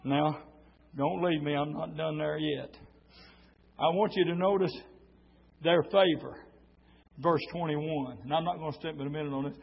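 Raspy high-voiced preacher shouting. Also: male voice, steady tone, measured pace, pauses often. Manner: storytelling, swells into shouted preaching. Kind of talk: sermon. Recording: dull lo-fi church recording.

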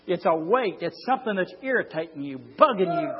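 A man preaching a fiery sermon, swinging from low, close talk to drawn-out shouted lines. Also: sing-song, slightly rough, muffled recording. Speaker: pastor.

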